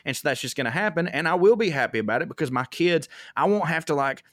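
Animated Southern comedian, dry close sound. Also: male voice, fairly high pitch, quick pace, no room sound. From American South. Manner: animated storyteller, swears freely, acts out quotes. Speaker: comedian guest. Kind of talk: casual podcast chat.

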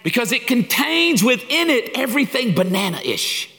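A man's voice: very high voice, sing-song, moderate pace, bright, forceful tone. A man preaching a sermon-style lesson in a folksy, humorous way, acting out little dialogues. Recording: long hall reverb.

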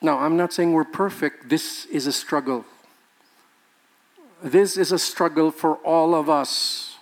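A man's voice: a little high, takes it slowly. A male pastor, preaching a sermon with emphatic rhetorical questions and laughing with the congregation.

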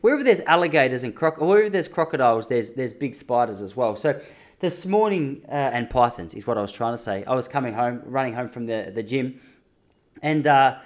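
A man's voice: mid-range voice, animated, fairly quick. An Australian man talking casually in a vlog from an apartment lounge room, rambling and joking at his own expense. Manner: joking, rambling, self-mocking. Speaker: vlogger.

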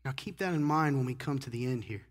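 A man preaching a sermon to his congregation in a casual, conversational way, often asking "right?" and swinging from hushed asides to loud emphasis. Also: medium pitch, expressive, fast talker. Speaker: pastor. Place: church sanctuary.

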